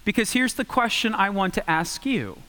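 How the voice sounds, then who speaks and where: A man preaching a sermon in a church, reading scripture and then explaining it in an animated way that speeds up and slows down for emphasis. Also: sits high, in a large hall. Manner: animated, varies pace for emphasis. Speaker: guest preacher. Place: church sanctuary.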